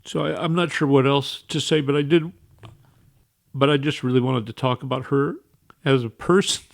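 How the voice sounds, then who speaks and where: A man's voice: medium pitch, gravelly. Tearful man on the radio. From Minnesota. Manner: halting, emotional, with restarts. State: tearful, weepy. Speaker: radio show host. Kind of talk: emotional radio monologue.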